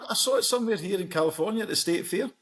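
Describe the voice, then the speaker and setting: A middle-aged Scottish man, a podcast guest, chatting casually and telling animated stories. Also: high voice, very fast. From Scotland. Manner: storytelling, animated anecdotes. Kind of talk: casual chat.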